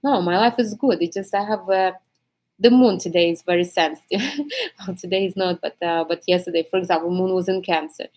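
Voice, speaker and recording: A woman coach talking in a casual monologue, reflective and reassuring, with many pauses and fillers. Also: lowish voice, expressive, darkish tone, low-quality recording. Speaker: energy coach.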